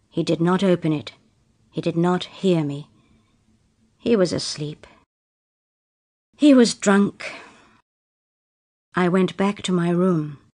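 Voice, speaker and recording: Woman slowly reading a simple english learner story, steady and clear. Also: fairly low pitch. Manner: plain, slow and clear reading in short sentences. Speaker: story reader.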